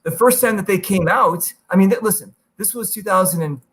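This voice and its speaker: A man hosting a podcast, telling stories in a casual, animated way, swearing freely and jumping into high-pitched quoted voices. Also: fairly quick. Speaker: podcast host. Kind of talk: casual storytelling chat.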